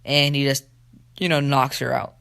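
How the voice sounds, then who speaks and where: A man's voice: mid-range voice, flat delivery, moderate pace, vocal fry, bright, forceful tone, clean tone. A man casually telling a fan story, rambling and swearing with many fillers.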